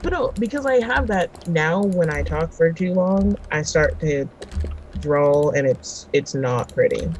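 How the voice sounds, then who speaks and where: A chatty woman from California talks through a let's-play in a loose, excitable way, gasping and laughing as she goes. Her voice sits fairly low for a woman, with a faint hiss of noise under it. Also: unhurried, hardly any pauses, poor audio. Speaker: co-host of a gaming series. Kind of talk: casual let's-play chat.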